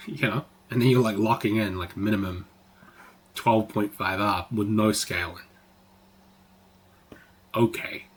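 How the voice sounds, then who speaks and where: A man's voice: fairly low pitch, steady tone, slow, pauses often. A man teaching trading on a live stream, talking casually, swearing freely and saying "like" a lot. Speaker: trading educator.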